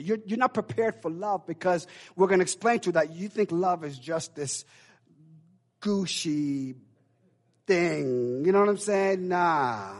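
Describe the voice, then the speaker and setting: A middle-aged male pastor preaching a sermon, swinging from loud emphatic declarations to hushed low asides with call-and-response phrases.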